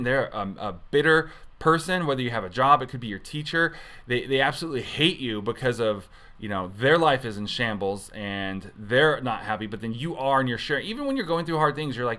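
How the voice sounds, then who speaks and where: A man's voice: medium pitch, sharp tone. A man giving a casual devotional talk as a youth pastor, rambling and conversational, often correcting himself mid-sentence.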